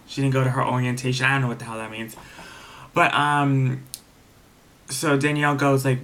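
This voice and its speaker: A man's voice: mid-range voice, flat delivery, moderate pace, pauses often, a bit bright. A man casually recapping and reviewing a reality TV episode. He rambles, restarts his sentences and swears freely. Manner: rambling, many fillers and restarts.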